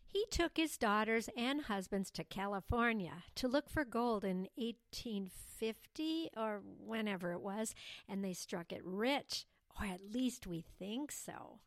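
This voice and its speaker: A woman voicing Lucinda, a gossipy, self-important young girl who chatters in a sing-song way, read slowly in an audiobook. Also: mid-range voice, expressive, no echo, voice pushed up. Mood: chattering. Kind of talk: audiobook dialogue reading.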